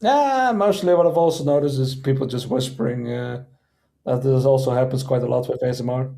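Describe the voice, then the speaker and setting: Mellow-voiced man, quaintly formal chat. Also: medium pitch, fairly quick, creaky. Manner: quaintly formal, fond of "indeed" and "I say"; hesitant, many fillers. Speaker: streamer host. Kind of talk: casual chat.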